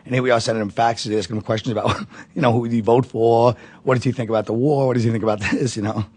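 A comedian from Brooklyn telling stories in a casual interview, rambling with many fillers. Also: male voice, mid-range voice, fairly even intonation, quick pace, a little mellow, breathy edge, no echo. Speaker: comedian guest.

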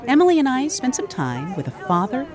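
A woman radio news host narrating a report and interviewing people, in a lively, conversational way. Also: sits high, a little fast, crowd noise.

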